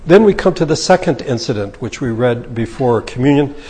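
A male pastor with a slightly husky, middle-pitched voice delivers a sermon, paraphrasing scripture in casual everyday phrasing. His words ring out with a long reverb, as in a church hall. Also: lively intonation, a little fast, warm tone.

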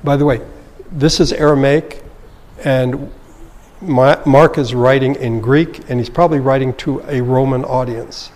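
A man's voice: mid-range voice, fairly even intonation, unhurried, a little mellow. Man teaching a Bible lesson, reverberant room. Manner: reads scripture aloud, then comments in a conversational, explanatory way.

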